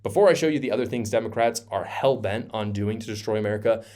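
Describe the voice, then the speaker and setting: A man's voice: fairly low pitch, fast, darkish tone. A man hosting a political commentary video, heated and sarcastic, hammering his points with repetition. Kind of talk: opinion commentary vlog.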